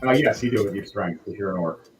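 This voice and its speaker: A man's voice: fairly low pitch, quick pace, soft background music, poor audio. Casual male game master narrating. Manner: casual, lively narration with asides. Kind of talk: narrating a tabletop game on a livestream.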